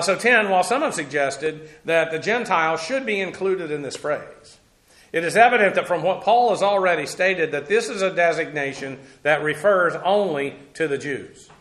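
High-voiced man teaching a sermon. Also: fairly bright tone. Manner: conversational Bible teaching with frequent fillers and restarts. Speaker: pastor. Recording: echoey room sound.

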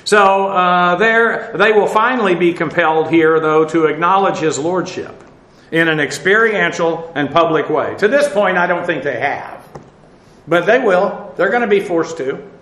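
Guy giving a bible study, kinda high voice, lots of uhs, echoey room. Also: a bit bright. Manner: halting, many fillers, explains Greek terms. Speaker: Bible teacher. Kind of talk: expository Bible lesson.

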